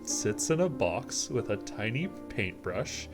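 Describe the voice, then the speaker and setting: A man voicing a pampered young noblewoman held in prison, speaking in a high, giggly voice over loud game music. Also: sing-song, takes it slowly, exaggerated voice. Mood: chatty.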